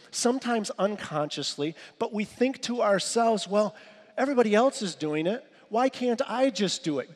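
A man's voice: sits high, in a large hall. A man preaching as a pastor, emphatic and repeating his key phrases for weight. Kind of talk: sermon.

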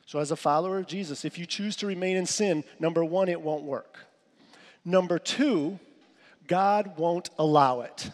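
A man's voice: fairly high pitch, normal speed, big-room sound. A man preaching as a pastor, emphatic and repeating his key phrases for weight. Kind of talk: sermon.

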